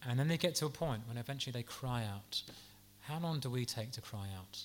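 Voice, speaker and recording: A man preaching a sermon in an earnest, gentle, pastoral way, with soft asides and the odd restart. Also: mid-range voice, expressive, fairly quick, slight background noise.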